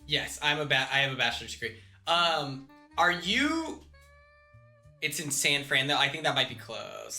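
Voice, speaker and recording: A man's voice: medium pitch, very animated, moderate pace, sharp tone, faint music behind. A young man chatting casually on a live stream, laid-back and slangy, with restarts and laughs.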